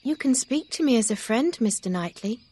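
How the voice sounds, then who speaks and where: A woman's voice: a little high, expressive, fairly quick, dark tone, breathy edge, voice pushed up. A woman voicing an earnest, upset young woman in an audiobook reading, talking in a pleading, emphatic way.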